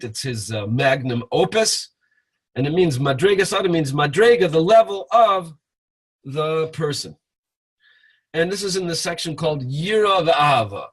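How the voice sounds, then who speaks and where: A man's voice: a little high, a bit bright, breathy edge. A man giving an informal webinar lesson, telling stories and now and then acting out chanting. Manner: storytelling with acted chanting. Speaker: webinar teacher. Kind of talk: informal teaching talk. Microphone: webinar call mic.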